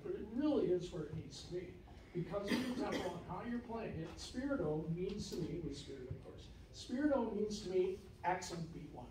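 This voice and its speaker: A man's voice: high voice, noisy background. A man giving feedback to a student ensemble and scatting rhythms aloud to show them. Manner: scats rhythms aloud to demonstrate. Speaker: music clinician. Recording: echoey hall heard from a distance.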